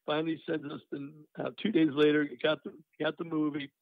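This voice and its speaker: A creaky, level-toned voice on the high side, a little fast and without echo, belongs to an older musician guest. Heard through a dry, tinny phone line, he rambles through career anecdotes in a casual interview, filling gaps with "you know" and "uh."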